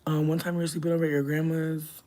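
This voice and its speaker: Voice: flat delivery, fast talker. Chatty, profane young streamer. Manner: chatty, profane storytelling with sudden loud high outbursts. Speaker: livestreamer reading chat. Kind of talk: casual livestream chat.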